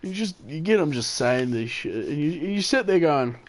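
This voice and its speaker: Rambling New gamer, fairly high voice. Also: male voice, lively intonation, moderate pace. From New Zealand. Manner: rambling, chuckling, self-correcting. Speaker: gaming channel host. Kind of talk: casual storytelling gameplay commentary.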